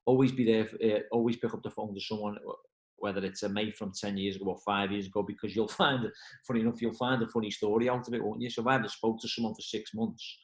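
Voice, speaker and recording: A man's voice: fairly low pitch, fast talker, reverberant, rough recording. A football manager, chatting in an interview and acting out the voices in his stories. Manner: animated storyteller, acts out quoted voices. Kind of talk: casual interview.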